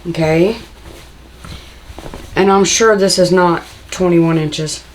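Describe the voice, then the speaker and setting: A woman's voice: lowish voice, takes it slowly, a little hiss or hum, rough recording. Chatty older Southern woman teaching sewing. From Tennessee, USA. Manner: chatty, folksy, talks to viewers as y'all. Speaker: sewing channel host. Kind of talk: casual sewing tutorial. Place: home sewing room.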